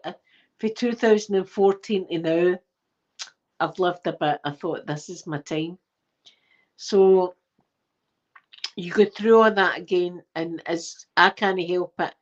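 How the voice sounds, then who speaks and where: A middle-aged woman with a Scottish accent chatting warmly and emotionally to her viewers, close to tears and short of breath. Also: fairly low pitch. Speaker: ASMR channel host. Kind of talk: casual heartfelt chat to viewers. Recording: dull lo-fi recording.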